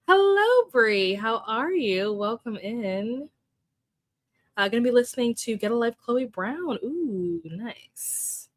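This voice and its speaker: A woman's voice: fairly high pitch, very animated, takes it slowly, no room sound. Chatty young woman hosting a livestream. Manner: chatty, laughs often, greets viewers by name. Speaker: livestream host. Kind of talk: casual chat with live chat readers.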